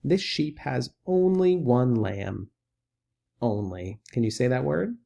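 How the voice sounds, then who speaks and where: Gravelly-voiced male teacher, patient. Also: mid-range voice, animated, dark tone. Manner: patient, encouraging, repeats words slowly for children. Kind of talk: recorded classroom lesson.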